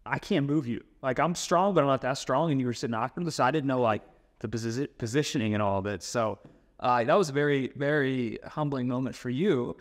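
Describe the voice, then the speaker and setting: A man telling a story in a relaxed interview. He talks casually and swears now and then. When he acts out what people said, his voice jumps up in pitch. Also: a little fast. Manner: animated storyteller, acts out quotes. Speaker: personal trainer.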